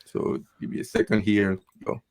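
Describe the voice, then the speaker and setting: A man's voice: lowish voice, moderate pace. A man from Nigeria co-hosting a podcast, chatting casually and laughing often. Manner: animated, laughing. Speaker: podcast co-host. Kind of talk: casual chat.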